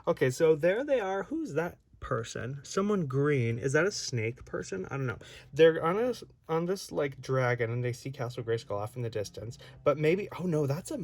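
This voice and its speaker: A man's voice: on the high side, very animated, normal speed, creaky, darkish tone, slight background noise. A man chatting casually while unboxing and reviewing an action figure, rambling and often interrupting himself. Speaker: toy reviewer.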